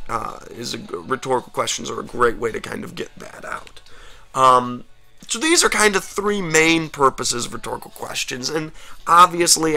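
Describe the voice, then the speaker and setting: A man's voice: mid-range voice, gravelly, pushed and bright. A man teaching a recorded grammar lesson, talking straight to students with energy and emphasis.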